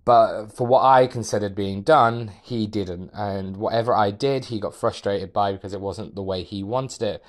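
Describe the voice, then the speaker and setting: A young man, a podcast guest, telling a personal story in a measured, reflective way with hesitant restarts. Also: on the low side. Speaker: podcast guest, architectural designer.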